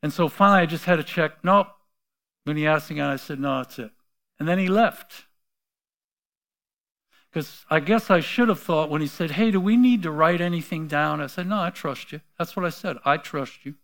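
Middle-aged male pastor, sermon, story-driven, acts out quotes, quiet-to-loud swings, slightly high voice. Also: moderate pace.

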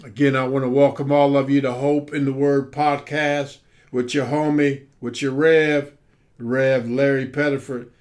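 A man pastor preaching a podcast sermon, building emphasis through repetition and dropping to a soft, low voice for prayer. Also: level tone, measured pace.

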